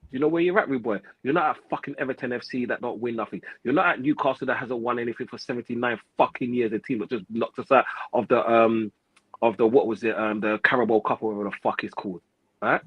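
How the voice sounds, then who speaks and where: A man's voice: medium pitch, fast, slightly rough, no echo, dull audio. A man, hosting a football fan show, ranting heatedly with lots of swearing, repetition and street slang. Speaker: football pundit host.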